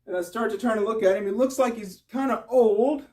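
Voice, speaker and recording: A man telling a comic story on stage, animated and breaking into high yelps and laughter. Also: brisk, distant mic. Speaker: stand-up comedian. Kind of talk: storytelling stand-up.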